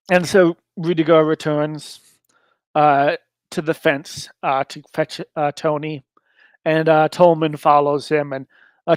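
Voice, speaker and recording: Guy narrating his solo tabletop game, rambly, slightly high voice, dry sound. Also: no room sound. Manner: rambling, many fillers.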